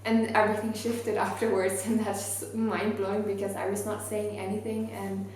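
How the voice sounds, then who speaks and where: A young woman who is not a native English speaker, telling a story to camera in an earnest, animated way with lots of "like". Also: medium pitch, moderate pace. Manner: earnest, animated, many fillers like "like". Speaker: vlogger. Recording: very echoey space with faint ambient noise.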